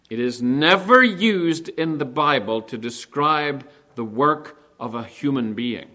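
A man delivers a sermon with lively, animated preaching. His voice sits a little higher than most men's. He keeps asking the listeners rhetorical questions and slows right down on the words he wants to land. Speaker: pastor.

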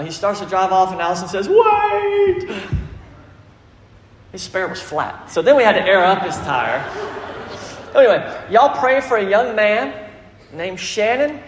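A middle-aged man preaching a sermon, telling a story with animated delivery and acted quotes. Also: sits high. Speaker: pastor. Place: large church hall. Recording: echoey hall, faint ambience.

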